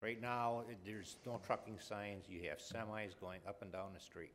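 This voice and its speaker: A man commenting at a city meeting, halting with many uhs, then blunt and impatient. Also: fairly low pitch, a bit bright, a little hiss or hum. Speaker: resident speaking at public hearing.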